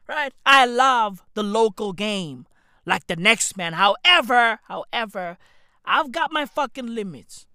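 A man ranting on his podcast, slow and drawn out, mocking and swearing, one question after another. His voice is bright and sharp, recorded close and dry. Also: high-pitched, expressive, clean tone, no echo. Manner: profane, mocking, repetitive ranting with rhetorical questions. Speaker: podcast host. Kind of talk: comedic podcast rant.

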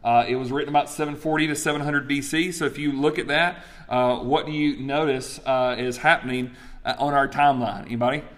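Man, bible class teacher, lively, conversational, mid-pitched voice. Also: brisk. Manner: lively, chatty, asks the class questions. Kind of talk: bible study class talk.

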